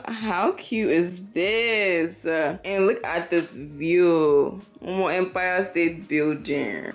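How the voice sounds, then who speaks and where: A young woman vlogging casually to a handheld camera in a hotel room, animated and playful with lots of slang. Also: on the low side. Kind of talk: casual vlog chat to camera.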